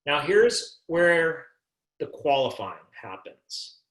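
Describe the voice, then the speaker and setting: A man giving a live training talk to an audience, animated and jokey, acting out sample dialogue. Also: on the high side, slow pace. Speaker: sales and business trainer. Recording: echoey room.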